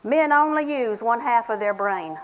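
A woman's voice: on the high side, animated, normal speed, dull audio. Folksy woman preaching, light noise. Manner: folksy, humorous, acts out little dialogues. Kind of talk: sermon to a women's audience.

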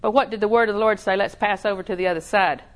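Woman preacher, folksy sermon, laughs a lot, repeats phrases, mid-pitched voice. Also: fairly even intonation, quick pace.

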